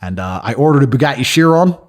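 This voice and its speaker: Speaking fast and animatedly in a mid-range voice, a man who lives in London brags his way through stories as a podcast guest. He's brash and crude, voicing other people's lines during the casual chat.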